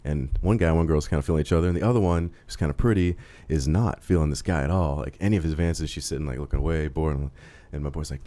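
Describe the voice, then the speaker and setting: A man's voice: rumbling low, quick pace, few pauses, mellow. A young man in his twenties rambling through a story on a comedy talk show, with lots of fillers, acting out the quotes. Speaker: co-host telling a story.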